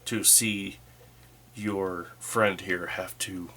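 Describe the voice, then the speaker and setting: A proud male dwarf warrior of royal lineage, played by a man narrating his solo tabletop game. He talks low and slow, with a stern, threatening edge. The voice stays close to a plain speaking voice. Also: steady tone, sharp tone, full character voice. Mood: menacing.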